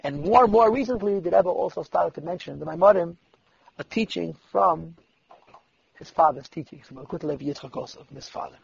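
A man with a high, gravelly voice and a very husky edge tells sermon-like stories, switching into the voices of the people he quotes. The sound is dull and lo-fi, with a close, dry feel and no room echo. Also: brisk. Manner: lively storyteller who voices the people he quotes. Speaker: storyteller at a religious gathering. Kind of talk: sermon-like storytelling.

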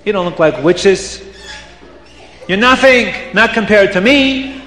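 A fearless, cocky rabbi, as a man plays him in a folk tale, brushing off his enemies with a self-assured, scornful tone. The voice sits high and speaks slowly, and it rings out through a reverberant hall. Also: lively intonation, sharp tone, heavily acted. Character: bold fearless old rabbi who mocks witches.

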